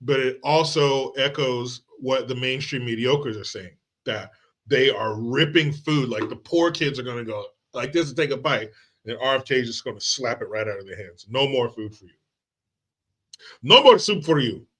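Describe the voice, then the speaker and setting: A political commentary livestream host with a mid-range, fairly bright voice talks at normal speed. Casual and profane, he jokes sarcastically with the chat, reads it out loud, and breaks into movie quotes.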